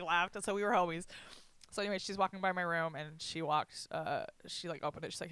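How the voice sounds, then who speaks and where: A woman's voice: lowish voice, fairly even intonation, a little fast, a bit bright, clear, resonant tone, no echo. A woman telling stories in a casual chat, laughing often and acting out what others said.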